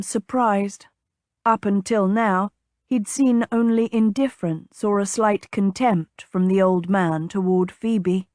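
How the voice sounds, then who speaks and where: Woman audiobook narrator, medium pitch, unhurried even delivery, dry booth sound. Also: no echo. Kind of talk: scripted romance narration.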